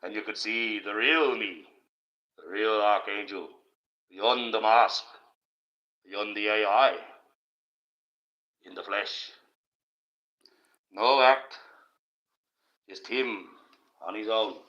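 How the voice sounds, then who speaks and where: A man's voice: fairly low pitch, slow, long pauses, sharp tone, highs cut off. An older man, hosting a casual livestream in a rambling, jokey way and chuckling to himself. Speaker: livestream host.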